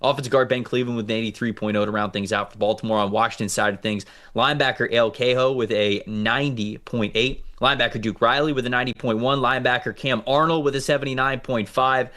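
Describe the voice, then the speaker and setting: A man co-hosting a football show, reading out player grades and stats in a casual, animated way. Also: medium pitch, fast, few pauses. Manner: reads out stats, animated and joking. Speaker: co-host, football analyst. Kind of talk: casual sports analysis chat.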